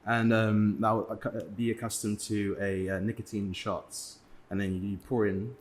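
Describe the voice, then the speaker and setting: Man from England, low voice, young adult, halting chatty guest, lots of ums. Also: flat delivery. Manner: hesitant, many fillers and restarts. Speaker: podcast guest. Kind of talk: casual interview talk.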